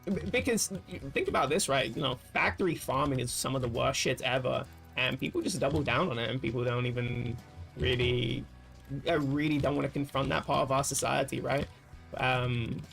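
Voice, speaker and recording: A man's voice: mid-range voice, creaky, fairly bright tone. A man streaming while gaming, thinking aloud in loose, rambling casual chat with frequent swearing. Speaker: livestreamer.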